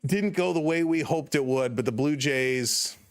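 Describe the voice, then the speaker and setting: Slightly high and a little slow, a Canadian-accented man from Toronto runs a live baseball stream. Worn out and up past his bedtime from the late game, he mixes casual play-by-play with chat replies, greets viewers by name, and alternates between calm and excitement.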